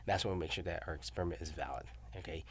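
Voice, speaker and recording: Low-voiced middle-aged man telling stories. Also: fairly even intonation, very fast, a little hiss or hum. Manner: rambling storyteller, tag questions like "you know?" and "right?". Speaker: university researcher and professor. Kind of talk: casual academic discussion.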